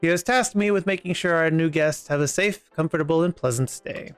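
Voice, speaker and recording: A man's voice: fairly high pitch, a little fast, clear, resonant tone, no room sound, soft background music, natural voice. A man reading a stately, formal game guide.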